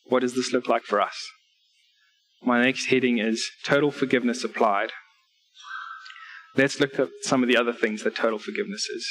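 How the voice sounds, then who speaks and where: Male preacher in a church service, delivering an earnest sermon with scripture readings and clear numbered points. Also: medium pitch, fairly even intonation, moderate pace, long pauses, a bit bright, faint music behind, poor audio. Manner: earnest, direct appeals to listeners.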